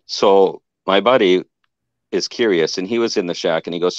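A man's voice: low-pitched, normal speed, no room sound, highs cut off. A man telling his own encounter story in a casual, rambling way, often stopping to correct himself. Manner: rambling, restarts and self-corrections.

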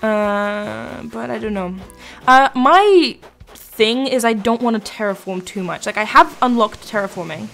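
A woman's voice: a little high, animated, a little slow, gravelly, a bit bright, soft background music. A young woman chatting casually while live-streaming a video game, rambling between thoughts and answering her chat.

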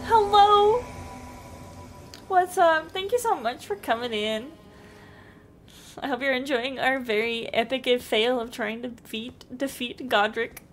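A young woman commenting live on her own gameplay, excitable, with frequent yelps and laughs. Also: high voice. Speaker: streamer playing a game. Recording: game music playing behind.

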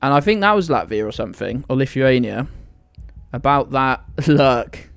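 A man's voice: mid-range voice, animated, normal speed, gravelly, no echo, soft background music. A young British man streaming a game live, teasing his chat with playful indignation and mock outrage. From United Kingdom.

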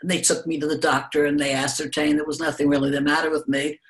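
An older woman answering interview questions, telling reflective personal stories in a gentle, unhurried way and laughing softly now and then. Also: low voice, little pitch movement. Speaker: guest speaker.

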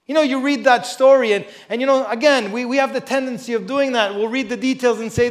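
A man with a high voice preaches a sermon to a church congregation. He reads scripture with strong emphasis and drops to hushed asides. Between readings he talks casually and often says "you know". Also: fairly even intonation, fairly quick, few pauses. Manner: emphatic, swings between loud stresses and quiet asides. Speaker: pastor. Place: church service before a congregation.

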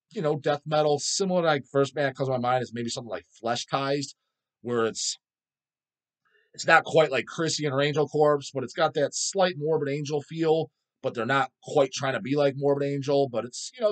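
A man's voice: a little high, a bit bright. Foul-mouthed man ranting. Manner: blunt, crude, swears constantly. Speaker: channel host answering viewer questions. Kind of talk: profane casual rant.

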